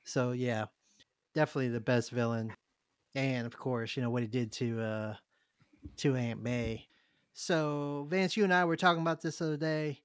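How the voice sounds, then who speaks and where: A man's voice: medium pitch, smooth, no echo, clean studio sound. A man in casual chat, talking steadily and putting questions to the others. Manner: steady, measured, leads the talk with questions.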